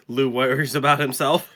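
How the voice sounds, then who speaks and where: A man's voice: mid-range voice, steady tone, moderate pace, fairly bright tone. A young man playing a tabletop game with friends, playful and jokey, laughing easily. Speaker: player. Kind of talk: casual tabletop game play.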